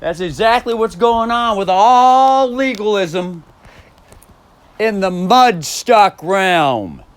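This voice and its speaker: A man's voice: high-pitched, expressive, slow pace, clean tone, dry recording. A man in a rambling solo monologue, profane and emphatic, repeating phrases and stressing single words.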